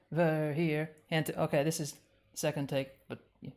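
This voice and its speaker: Low-voiced woman chatting on a stream. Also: level tone, moderate pace, darkish tone, faint music behind. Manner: chatty, flustered, stumbling restarts. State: out of breath. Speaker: cosplay streamer. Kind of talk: casual live stream chat.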